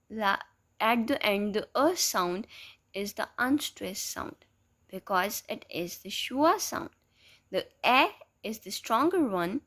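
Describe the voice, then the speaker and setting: A woman's voice: a little high, fairly bright tone. A woman teaching a lesson in a patient way, repeating example words as she explains.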